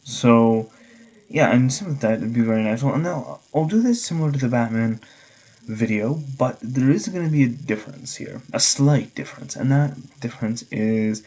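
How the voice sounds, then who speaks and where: Young male vlogger, mid pitch, loose rambling delivery. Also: expressive, moderate pace, darkish tone, low-quality recording. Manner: rambling, full of restarts and fillers. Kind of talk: casual vlog talk.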